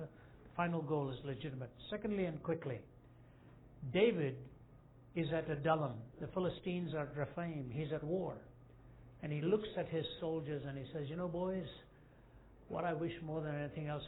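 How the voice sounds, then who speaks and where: A man in his sixties preaching a sermon to a group of men, telling stories that rise to loud, emphatic peaks. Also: a little high. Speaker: evangelist speaker. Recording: tinny phone-like lo-fi recording with faint hiss.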